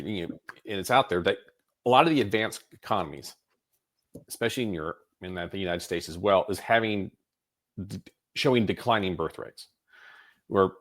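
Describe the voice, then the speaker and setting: Man, podcast host, lowish voice, loose rambling questions. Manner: rambling, many fillers and restarts. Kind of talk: casual interview questions.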